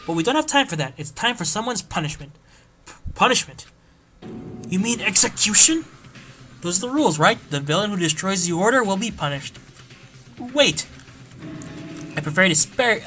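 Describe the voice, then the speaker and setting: A man's voice: high-pitched, pushed and bright, slight background noise. A man voicing a gleeful, mocking bear mascot villain in a game let's play, taunting and announcing in a sing-song way.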